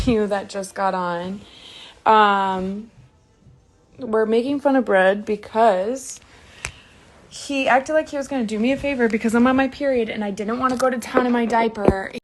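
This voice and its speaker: A woman talking casually on a livestream from home, sarcastic and swearing freely. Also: on the high side.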